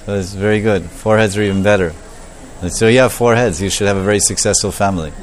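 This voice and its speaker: A male preacher tells a story in a sermon, animated and repeating his points. He acts out the characters as he goes. His voice is fairly low, with faint noise behind it. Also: fast talker.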